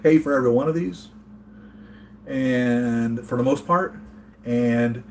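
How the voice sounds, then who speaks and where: A man's voice: medium pitch, slow, a little hiss or hum. Earnest, rambling American man vlogging. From United States. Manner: rambling, earnest, reads chat comments aloud. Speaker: toy collector channel host. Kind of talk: casual live-chat vlog. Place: home.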